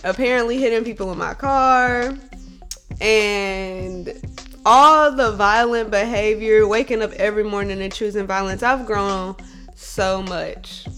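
Woman, bartender, casual storytelling, blunt, profane, animated, mid-pitched voice, faint background music. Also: a little slow. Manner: blunt, profane, animated, swings between loud venting and calm reflection.

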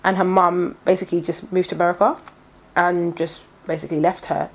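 Fast-chatting woman. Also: lowish voice, little pitch movement. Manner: chatty storytelling, fast and rambling. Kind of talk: casual chat.

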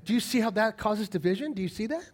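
A man preaching a sermon as a pastor, firing rhetorical questions and swinging between loud emphatic lines and quiet asides. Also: sits high, lively intonation, fast.

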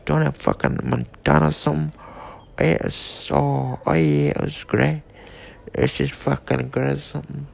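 A man's voice: on the high side, sing-song, normal speed, creaky, a little mellow. A drunk, stoned man rambling through a comedy monologue, slurred and swearing. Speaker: comedic vlogger.

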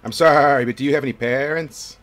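A man's voice: medium pitch, steady tone, fast, fairly bright tone, faint music behind, pitched above the performer's own voice, lightly acted. A man voicing an odd, cautious male satyr shopkeeper in a tabletop game, speaking hesitantly with stammers. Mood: quizzical.

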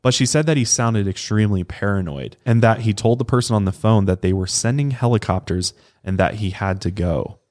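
Low-voiced man casually retelling a case. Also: brisk, hardly any pauses, a little mellow. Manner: casual, conversational retelling with acted quotes. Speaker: podcast co-host. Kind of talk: casual true crime storytelling.

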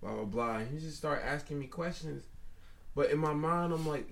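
A man's voice: fairly high pitch, moderate pace, gravelly, a bit bright. A man from New Jersey in casual podcast chat, blunt and incredulous, swearing freely. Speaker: podcast co-host.

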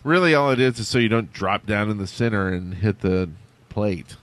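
A man's voice: fairly low pitch, moderate pace. A man co-hosting a casual gaming podcast, reading a listener suggestion and rambling through joking ideas. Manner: jokey, rambling, does silly voices. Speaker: podcast co-host. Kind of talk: casual chat.

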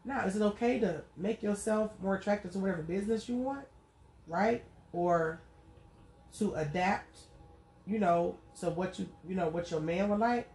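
A woman talking on her own podcast in a relaxed, rambling monologue. She speaks colloquially, circles back on her points, and keeps checking in with the listener. Her pitch sits in an ordinary middle range. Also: moderate pace, slight background noise. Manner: rambling and colloquial, with frequent "you know what I'm saying". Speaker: podcast host. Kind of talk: casual spoken monologue.

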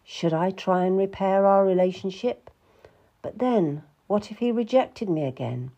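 A woman narrating a first-person historical novel, measured and reflective in her delivery. Her voice sits at an ordinary middle pitch for a woman. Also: dark tone, dull audio. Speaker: audiobook narrator.

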